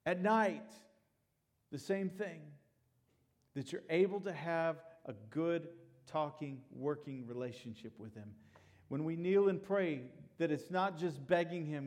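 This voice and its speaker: A male pastor preaching a conversational sermon in a church, dropping to soft, low tones for prayers. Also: normal speed. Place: church sanctuary.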